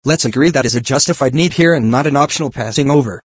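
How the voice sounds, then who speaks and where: A computer-generated male voice reading text aloud in an even, mechanical way, speaking symbols and punctuation as words. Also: medium pitch, fast, slightly rough, dry recording. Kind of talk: synthetic text-to-speech reading.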